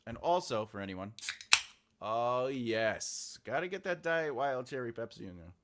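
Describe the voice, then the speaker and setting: A man's voice: mid-range voice, animated, a little slow. A man writing a book live, thinking aloud and chatting with viewers as he types his outline. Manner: thinks aloud, mutters while typing, chats with viewers. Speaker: author livestreaming a writing session. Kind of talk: casual livestream chat while typing.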